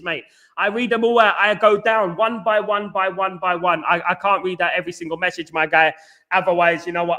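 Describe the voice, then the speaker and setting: Fast-talking bright-voiced male football host. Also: high voice. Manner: rapid, animated, reads out chat messages with banter. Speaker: fan channel host reading live chat. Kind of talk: fast casual live-stream chat.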